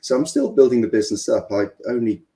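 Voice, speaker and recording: A man's voice: medium pitch, expressive, fast, mellow. A middle-aged man with a Mancunian accent, a guest in an interview, talking in a rambling, hesitant way with many ums and restarts. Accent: Mancunian English. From England. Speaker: business coach, guest. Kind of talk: interview conversation.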